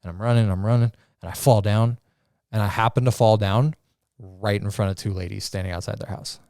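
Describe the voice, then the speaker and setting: A young man co-hosting a podcast, telling a crude childhood story in casual chat, animated and swearing freely. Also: fairly low pitch, a little fast, vocal fry, clear, resonant tone, dry recording, clean studio sound. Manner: storytelling, profane and animated, acts out quoted voices. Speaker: podcast co-host.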